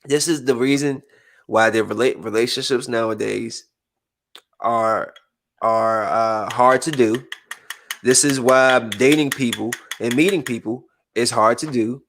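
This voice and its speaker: A podcast host with a mid-range voice talks in an unhurried way during a casual chat. He's animated and acts out the voices of people he quotes.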